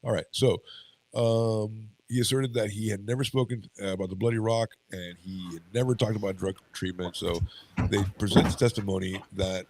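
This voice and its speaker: A man's voice: on the low side, steady tone, moderate pace, a little mellow, a little hiss or hum, low-quality recording. A man with a stuffy nose co-hosting a casual podcast, reading case notes aloud, tripping over words and breaking off to chat. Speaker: podcast co-host.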